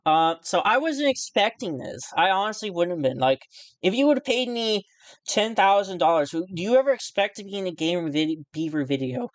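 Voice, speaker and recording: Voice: medium pitch, sing-song, normal speed, no room sound. Nervous stammering YouTuber, dry sound. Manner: nervous, stammering, self-deprecating, with frequent restarts; swears casually. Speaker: YouTuber responding to another creator. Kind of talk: casual rambling video commentary.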